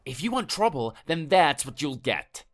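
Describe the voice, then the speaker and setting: A man's voice: on the high side, sing-song, moderate pace, soft background music. A man's text-to-speech voice playing a defensive, threatening husband who brushes off his wife. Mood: angry, dismissive. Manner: dismissive, defensive and menacing. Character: hot-tempered threatening husband, adult man.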